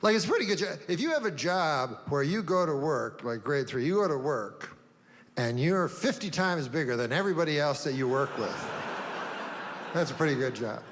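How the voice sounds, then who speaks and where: An older man doing a deadpan stand-up set, rambling through long setups with drawn-out pauses and sudden asides. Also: a little high, big-room sound. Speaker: stand-up comedian.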